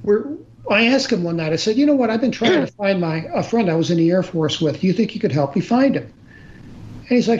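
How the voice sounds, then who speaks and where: A man's voice: high voice, expressive, fairly quick, a little mellow. An older man telling a personal story in conversation, plain and earnest, often restarting and using fillers. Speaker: guest storyteller. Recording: slightly dull audio with faint noise.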